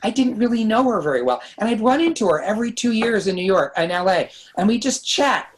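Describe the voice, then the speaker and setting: A man talking as a guest in a casual podcast interview, telling quick, lively anecdotes about making films. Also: sits high, poor audio. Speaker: guest screenwriter and director. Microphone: podcast microphone.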